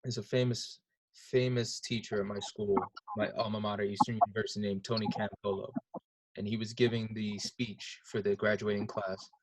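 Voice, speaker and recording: A man's voice: fairly low pitch, moderate pace, no room sound. A man hosting an interview, chatting conversationally and telling stories with quoted asides. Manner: animated storytelling with quoted asides. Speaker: interview host.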